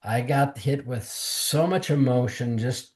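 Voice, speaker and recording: A man with a mid-range, slightly mellow voice speaks slowly as a podcast guest, telling his personal testimony with candor. He acts out other people's remarks and sounds emotional, almost tearful.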